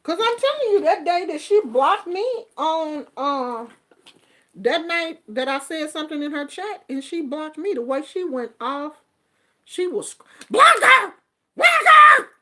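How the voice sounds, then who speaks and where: A middle-aged woman, giving a casual, animated commentary vlog and laughing often. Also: high voice, a little slow. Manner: animated, chatty, laughs often, sings snippets. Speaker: vlogger commenting on online drama.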